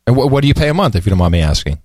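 A man hosting a podcast in casual chat, animated and mocking, often slipping into sarcastic voices. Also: mid-range voice, rapid-fire, slightly rough, no echo, clean studio sound. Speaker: podcast host.

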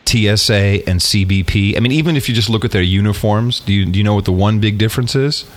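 A man co-hosting a podcast in casual chat, animated and swearing freely, often laughing. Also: on the low side, quick pace. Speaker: podcast co-host.

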